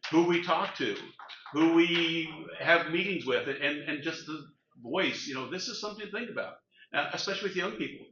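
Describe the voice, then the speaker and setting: A man's voice: on the high side, moderate pace, background noise. An older man speaking earnestly as a panelist at a community event, rallying the room. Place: meeting room. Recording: roomy, dull event recording.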